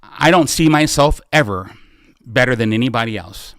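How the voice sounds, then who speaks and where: A man's voice: medium pitch, animated, moderate pace, a bit bright, no echo. A fervent middle-aged American man speaks in a mid-range voice, pressing his audience with repeated calls to action. The sound is dry and close, with almost no room around him. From United States. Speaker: podcast host and political candidate. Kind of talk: live podcast Q&A, rallying appeal.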